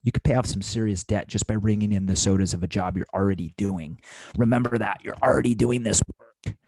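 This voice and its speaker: Low-voiced man coaching restaurant servers. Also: fairly quick, darkish tone, no room sound. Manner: coaching, walks through the math step by step; emphatic, repeats key points. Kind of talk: instructional talk.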